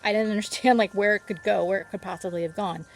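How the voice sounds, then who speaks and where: In this casual vlog, a woman outdoors rambles through a long story for the camera while the nearby birds keep pulling her attention away. She talks quickly in a medium-pitched, steady voice, and there's slight noise in the background.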